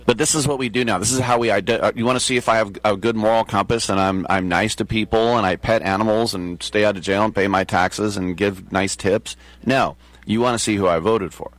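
A man's voice: lowish voice, steady tone, fairly quick, fairly bright tone, no echo. A man hosting a talk show in a casual, digressive monologue, chuckling at his own asides.

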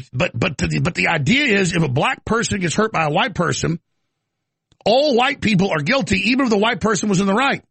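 Ranting talk show guy, gravelly husky voice, fired up, keeps restarting. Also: high voice, fairly bright tone, no room sound. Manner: heated, rambling, stammering restarts. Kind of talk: ranting live commentary. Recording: live studio broadcast.

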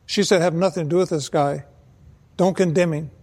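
A man preaching an evangelistic sermon, earnest and measured, slowing down to stress key words. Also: on the high side, fairly even intonation, darkish tone, long reverb tail. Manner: earnest, measured, slows for emphasis.

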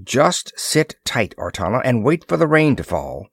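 A man's voice: mid-range voice, big pitch swings, measured pace, vocal fry, husky, no echo, clean studio sound, heavily acted. A man voicing an easygoing, joking adventurer sidekick. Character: wry adult male sidekick adventurer.

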